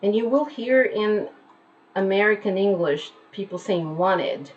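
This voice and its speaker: Slow, patient woman teaching pronunciation. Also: medium pitch, expressive, muffled recording, a little hiss or hum. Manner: slow, patient, repeats words to demonstrate sounds. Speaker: English teacher. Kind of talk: online pronunciation lesson. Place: at home.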